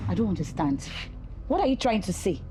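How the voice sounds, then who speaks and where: A woman's voice: mid-range voice, sing-song, brisk, mellow, soft background music, natural voice. An actress playing a hurt young wife who defends herself emphatically and keeps repeating her words. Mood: puzzled. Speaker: partner. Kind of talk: film drama acting.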